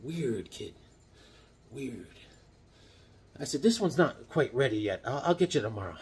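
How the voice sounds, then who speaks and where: A middle-aged man hosting a casual vlog, rambling and joking as he shows comic books and tells stories. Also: a little high. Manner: rambling, jokey, animated, acts out voices. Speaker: comic book collector host.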